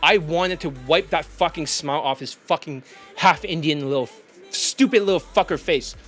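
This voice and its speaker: A man with a notably high voice delivers a blunt, swear-laden rant as a dating coach, faint music playing under him. He talks as if calling out his viewers directly. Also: normal speed, fairly bright tone. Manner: profane, blunt, ranting. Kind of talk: ranting vlog monologue.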